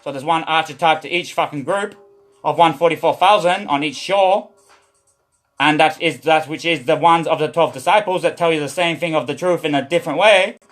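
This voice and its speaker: A man's voice: fairly high pitch, fairly bright tone. A man streaming a rambling, repetitive religious monologue, preachy and full of profanity.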